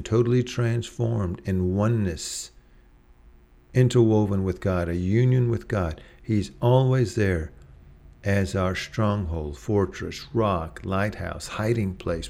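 Gentle, reflective male preacher. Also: lowish voice, vocal fry. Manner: gentle, reflective, slows down to stress single words. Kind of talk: devotional sermon.

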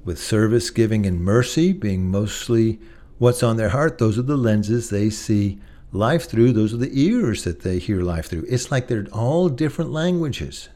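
A man's voice: mid-range voice, warm tone. A middle-aged male pastor preaching a sermon in a conversational way, telling a personal story and listing words one by one.

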